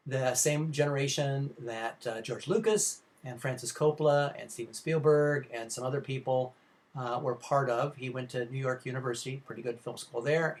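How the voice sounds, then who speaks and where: A middle-aged man giving a recorded film lecture to students, rambling and informal, with many fillers and restarts. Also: mid-range voice. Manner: informal, addresses students directly.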